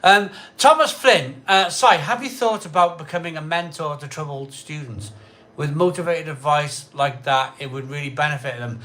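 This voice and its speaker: A man's voice: fairly high pitch, moderate pace. Rambling, tipsy man on a live stream. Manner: chatty, rambling, repeats himself, loud cheery greetings. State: tipsy from a pint or two. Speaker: host of a live craft beer stream. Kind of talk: casual live-stream chat.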